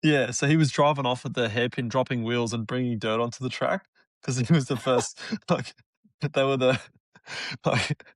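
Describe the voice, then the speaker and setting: A man with an Australian accent, a racing driver co-hosting a podcast, talking in a relaxed way in short phrases that trail off. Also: mid-range voice, normal speed, no room sound, studio quality. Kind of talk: casual chat.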